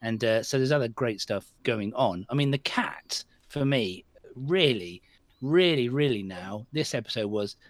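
A male podcast co-host in casual chat who rambles and hesitates. He speaks at a middle pitch. The sound is dry and close. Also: lively intonation, measured pace, no room sound. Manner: rambling, hesitant, many restarts.

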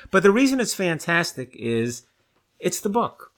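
A man co-hosting a casual chat show who talks with enthusiasm and reads aloud slowly and deliberately. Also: sits high, sing-song, a bit bright. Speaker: podcast co-host.

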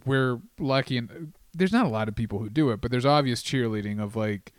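Opinionated comedian in a dry close recording. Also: male voice, medium pitch, fairly quick, no room sound. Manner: opinionated, explains points at length. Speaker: podcast co-host and comedian. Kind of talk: casual chat.

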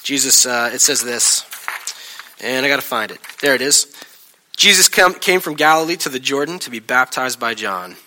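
Bright, animated male preacher. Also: mid-range voice, moderate pace, a little hiss or hum. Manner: animated, acts out scenes with shifting voices; casual, chatty delivery with laughs. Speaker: pastor. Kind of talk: sermon.

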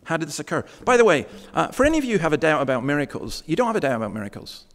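A man's voice: a little high, very animated. Conversational male preacher in a reverberant hall. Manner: conversational preaching, slows for emphasis. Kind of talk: sermon.

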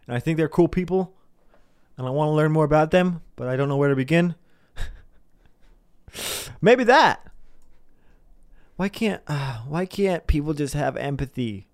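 A man's voice: fairly high pitch, brisk, mellow, clean tone, dry recording, clean studio sound. A young man giving a casual, sarcastic commentary monologue, rambling and mocking people in put-on voices.

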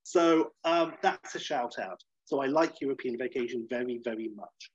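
A podcast co-host chats casually about films, speaking at a moderate pace in a slightly rough male voice. He's animated and acts out quotes in high, silly voices. The recording sounds muffled.

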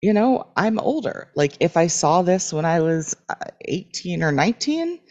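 A woman's voice: on the low side, very animated, normal speed, darkish tone. A woman co-hosting a podcast in easygoing casual chat, laughing often. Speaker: podcast co-host.

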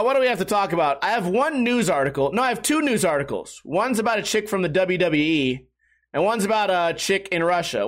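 A young man hosting a talk show, rambling through a profane, self-mocking casual rant. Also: a bit bright. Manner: rambling, self-mocking, swings between high and low pitch. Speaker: podcast host.

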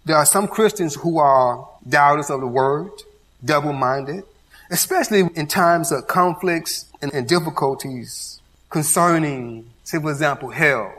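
A man's voice: a little high, measured pace, a bit bright. A man giving an interactive church Bible teaching, quizzing his audience with call-and-response questions. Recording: long hall reverb.

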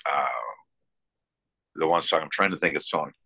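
A man's voice: a bass voice, steady tone, normal speed, sharp tone, no echo. A man from the Buffalo area, a musician guest in a casual interview, telling stories with enthusiasm between many fillers and restarts. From United States, Buffalo area. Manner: enthusiastic storytelling.

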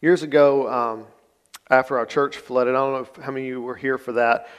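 A man's voice: medium pitch, steady tone, a little fast, clear, resonant tone, lo-fi sound. Man preaching in a reverberant church. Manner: conversational, plain-spoken, folksy asides. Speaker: pastor. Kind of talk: sermon. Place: church sanctuary.

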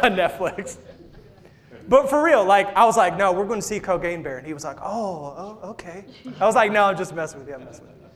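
Playful high-voiced man preaching a sermon. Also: fairly bright tone. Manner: playful, jokes and laughs with the congregation. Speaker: senior associate pastor. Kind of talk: sermon with storytelling. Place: church sanctuary.

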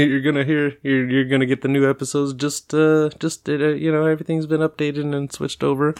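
A man's voice: medium pitch, flat delivery, fairly quick, few pauses, smooth. A man co-hosting a podcast in a stoned, rambling way. He is laid-back and swears freely, with plenty of fillers and restarts. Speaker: podcast co-host. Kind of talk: casual podcast chat.

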